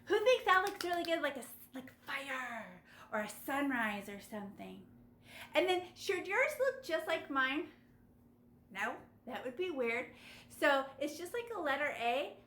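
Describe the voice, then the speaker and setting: A woman teaching children a step-by-step painting lesson over a video call, animated and coaxing. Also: high voice, measured pace, reverberant. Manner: animated, gasping with delight, coaxing young kids. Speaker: art teacher.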